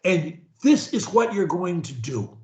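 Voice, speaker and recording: A man coaching a stutterer over a video call, preachy and animated, swinging from loud to whispered. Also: sits high, measured pace, roomy sound. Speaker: speech coach.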